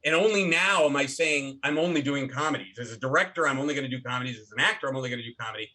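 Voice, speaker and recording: A middle-aged actor and filmmaker telling stories as a podcast guest, animated and full of restarts. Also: male voice, mid-range voice, rapid-fire. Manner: animated storyteller with many restarts. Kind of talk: casual interview talk.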